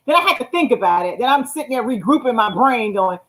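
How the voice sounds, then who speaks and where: A woman chats on a live show. Her high voice swoops up and down as she tells stories, acting out what her friends said. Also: fairly quick, few pauses, poor audio. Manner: animated storytelling, acts out quotes. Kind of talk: casual chat.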